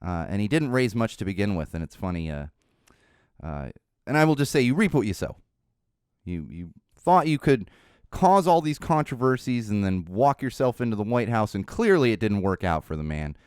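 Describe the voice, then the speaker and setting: A middle-aged man hosts a casual podcast, his rather low voice swinging up and down with lots of life. He rambles as he tells stories, restarting sentences and drifting into asides. The sound is close and dry, with no room around it. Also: very animated, moderate pace, a little mellow, clear, resonant tone, no room sound. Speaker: podcast host.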